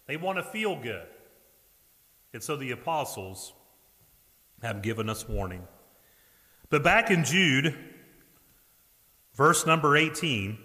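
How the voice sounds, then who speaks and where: Bright-voiced preacher man in an echoing hall. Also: medium pitch. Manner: earnest preaching, swings between loud emphasis and quiet asides. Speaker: pastor. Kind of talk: sermon. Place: church sanctuary.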